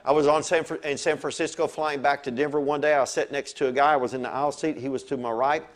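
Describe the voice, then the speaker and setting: Animated, fairly high-voiced male preacher. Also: fast. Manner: animated storytelling, swings from soft to loud. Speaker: pastor. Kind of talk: sermon.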